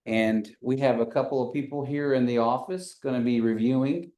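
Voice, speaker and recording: Over a video call, this male teacher runs an introductory language class from an office. His voice is mid-range and warm, and he's patient, going slowly as he repeats phrases.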